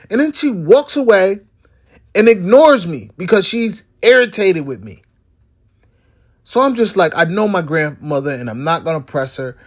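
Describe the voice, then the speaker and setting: Man, fairly high-pitched, casual monologue, rambling with fillers and restarts. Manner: rambling, with many restarts and "you know" fillers. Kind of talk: personal storytelling monologue.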